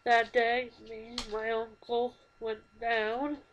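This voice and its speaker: A woman in her twenties speaking to her camera in a halting, earnest, emotional way, telling a personal story. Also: fairly high pitch, little pitch movement, slight background noise, rough recording. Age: 20s. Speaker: vlogger. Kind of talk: confessional personal talk to camera. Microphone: computer microphone.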